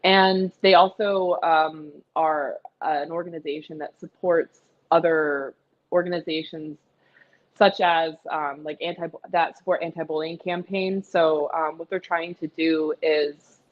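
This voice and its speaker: A woman's voice: low voice, steady tone, a little slow, muffled recording. A young adult woman guest on a casual podcast, talking energetically and acting out quotes as she tells a story. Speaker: guest, pillow fighter.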